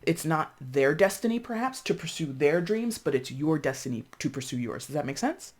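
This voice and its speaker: A tarot reader talks straight to the camera in a loose, conversational reading. The speech is full of "like" and "you know", with restarts and quick voiced asides that mimic other people's reactions. The pitch sits in a middle range for the voice. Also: big pitch swings. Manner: chatty, acts out other people's reactions in quotes; thinks aloud with frequent fillers and restarts.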